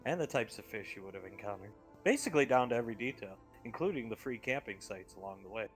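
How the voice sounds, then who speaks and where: A man's voice: lowish voice, animated, fast, faint music behind. A man running a tabletop game as game master, matter-of-fact and listing details.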